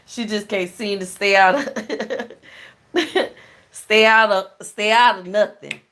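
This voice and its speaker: A woman's voice: mid-range voice, steady tone, slow pace, a bit bright. A middle-aged woman hosting a casual call-in show, telling stories in a chatty way and laughing often. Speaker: talk show host.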